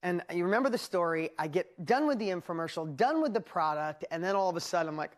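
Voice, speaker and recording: A woman's voice: on the low side, fast talker, hardly any pauses. A middle-aged woman with a New York accent giving a motivational seminar talk as a business coach, telling stories and acting out her own inner voice. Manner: animated storytelling with acted-out inner voices.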